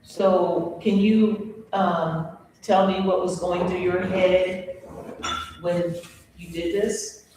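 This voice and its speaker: A man presiding as judge, measured and formal, reading legal wording plainly. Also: high-pitched, level tone, darkish tone. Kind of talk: formal courtroom proceedings. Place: large echoey courtroom. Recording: echoey courtroom from far off, faint hum.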